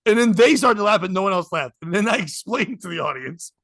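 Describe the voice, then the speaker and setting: A man's voice: high-pitched, quick pace, no echo, studio quality. A man telling comedy stories on a podcast, laughing often and acting out what people said. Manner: animated, laughs often, acts out quotes. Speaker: comedian guest. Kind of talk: casual podcast storytelling.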